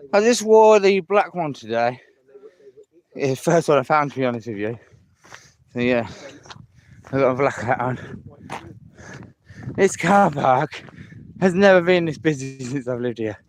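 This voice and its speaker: A man's voice: a little high, animated, unhurried, long pauses. A man on a live walking vlog, chatty and enthusiastic, out of breath as he climbs a hill path outdoors, filmed on a handheld phone. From England. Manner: chatty, repeats himself, enthusiastic about scenery. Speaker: vlogger.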